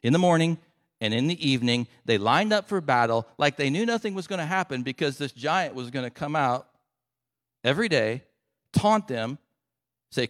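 A man's voice: mid-range voice, expressive, moderate pace, in a large hall. A man preaching a sermon and retelling a story in a conversational way, with casual asides. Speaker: pastor.

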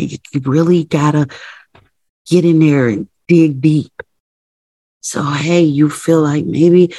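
A woman's voice: rumbling low, gravelly, dark tone, husky, no room sound. A woman hosting a motivational podcast, urging listeners with emphatic, repetitive phrases. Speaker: podcast host.

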